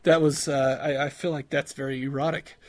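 A man's voice: mid-range voice, level tone, brisk, dry recording. A man co-hosting a casual movie review podcast, rambling with restarts, crude jokes and frequent laughter. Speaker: podcast co-host.

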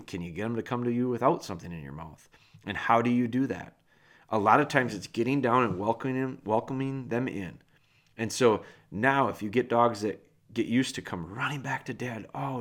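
A man hosting a podcast, giving casual, plain-spoken dog training advice with a folksy, animated manner. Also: medium pitch.

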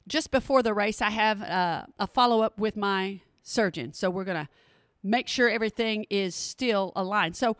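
A woman hosting a podcast, telling stories in an animated, casual way and talking straight to her listeners. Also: fairly high pitch, a little fast, dry recording, clean studio sound. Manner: animated, talks to listeners directly, exclamations. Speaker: podcast host. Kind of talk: casual storytelling monologue.

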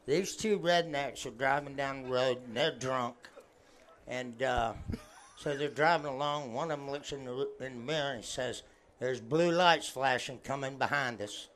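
A man's voice: mid-range voice, normal speed, fairly bright tone, slight background noise. A man telling folksy jokes to a live crowd, laughing at his own punchlines. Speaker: guest joke teller.

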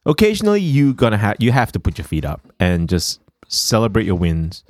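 A man co-hosting a podcast, talking in an animated, rambling way and laughing easily. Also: on the low side, a little fast, no echo, studio quality. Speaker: podcast co-host. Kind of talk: casual podcast chat.

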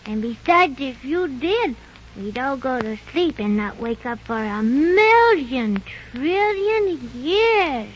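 Earnest lil boy scolding folks lady playing him, high and bouncy, dull old broadcast sound. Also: very animated, slow pace, full character voice. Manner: scolding, earnest, bright child-like delivery. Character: polite, earnest young boy. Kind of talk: 1930s radio drama acting. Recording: muffled old radio recording.

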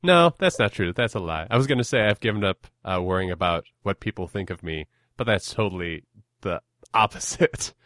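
Low-voiced, rambling young man. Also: animated, fairly bright tone, no room sound, clean studio sound. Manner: rambling, self-deprecating, quick to laugh. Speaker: podcast host. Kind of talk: casual chat.

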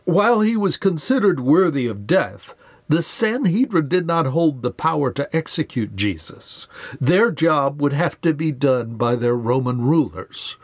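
A man's voice: on the high side, expressive, measured pace, dry recording. A man retelling a Bible story in an earnest scripted way, raising his voice to act out quoted lines.

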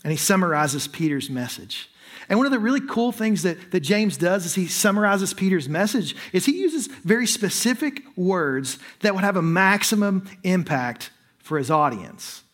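A man's voice: high-pitched, very animated, normal speed, fairly bright tone. A man preaching a sermon, explaining scripture in a conversational way and often checking in with the congregation. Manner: conversational preaching with frequent "right?" asides. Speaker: pastor.

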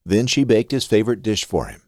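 A man hosting a podcast and reading scripture aloud in an expressive, scripted way. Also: fairly low pitch, a little fast, no room sound, studio quality. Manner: expressive reading with a lively rise and fall.

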